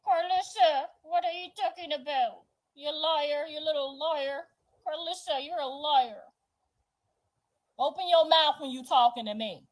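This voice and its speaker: A woman's voice: high-pitched, a little slow, low-quality recording. A woman putting on her mother's voice: a scolding mother with missing teeth who talks through a tight, held mouth.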